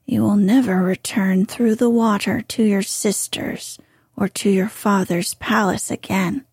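A woman voicing a scheming, ancient sea witch in whispered role-play, speaking softly and slowly. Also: mid-range voice, fairly even intonation, husky, no echo, clean studio sound. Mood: bargaining. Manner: soft, slow whispering.

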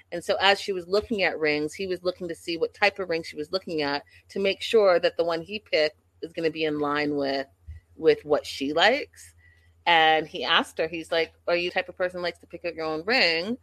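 A woman's voice: on the low side, moderate pace, a bit bright, no room sound. A woman hosting a livestream, gossiping casually and speaking straight to her viewers. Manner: chatty, gossipy, addresses the audience directly. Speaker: livestream host. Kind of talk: casual recap chat.

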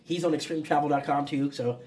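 Upbeat male host, high and lively, a touch off-mic. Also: fairly quick, recorded from a distance. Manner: lively, excitable, laughs easily. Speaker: podcast host. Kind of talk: casual chat. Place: podcast studio.

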